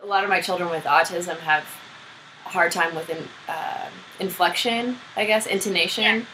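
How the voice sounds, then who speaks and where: A young woman music therapist chatting casually over a video call, laughing often and talking in quick bursts. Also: lowish voice, rough recording.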